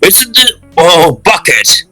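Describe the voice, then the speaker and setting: A man playing a tabletop game in character, excitable and laughing often. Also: high-pitched, husky, poor audio. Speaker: player. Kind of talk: casual in-character role-play.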